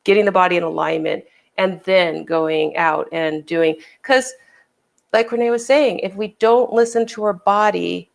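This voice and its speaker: A woman's voice: on the low side, steady tone, normal speed, gravelly. A woman fitness trainer co-hosting a casual livestream, explaining things and quoting past conversations.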